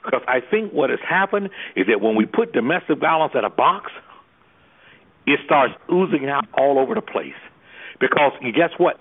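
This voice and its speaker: An anger management specialist calls in to a discussion and speaks with fiery, preacher-like conviction, posing rhetorical questions. His voice is mid-range and slightly rough, carried over a tinny phone line.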